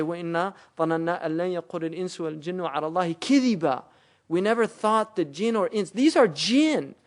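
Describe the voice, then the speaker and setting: A man giving a religious lecture, explaining Arabic words and verses, often rising into emphatic explanation. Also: a little high. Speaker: Islamic teacher.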